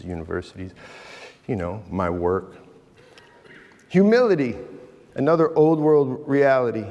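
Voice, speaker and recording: In a large, reverberant church hall, a middle-aged man gives an animated, emphatic inspirational talk at a men's retreat, recorded live. He speaks directly to the audience and acts out quoted voices, his voice on the high side and gravelly.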